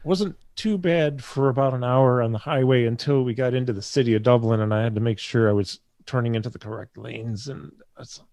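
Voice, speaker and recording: A man's voice: mid-range voice, a little fast, hardly any pauses, a little mellow, no room sound, studio quality. A man interviewing a musician, giving short affirmations and chatty asides in a casual conversation.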